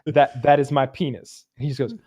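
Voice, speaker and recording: A man's voice: mid-range voice, fairly even intonation, brisk, a little mellow, husky. Guy on a podcast rambling through a story, acting out the quotes, laughing a lot, voice right in the middle. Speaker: podcast co-host. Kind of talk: casual podcast banter.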